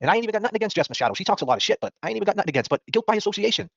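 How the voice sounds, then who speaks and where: A man's voice: high-pitched, lively intonation, very fast, creaky, no room sound, highs cut off. Combative, profane man. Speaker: podcast host. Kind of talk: ranting talk-show monologue.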